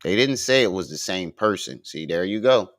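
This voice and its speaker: A man riffs on clips for his stream in a mocking, argumentative way, swearing freely. His voice leaps up and down in pitch as he argues. The sound is dry and close. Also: animated, normal speed, a bit bright, no echo. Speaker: commentary streamer. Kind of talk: profane reaction commentary.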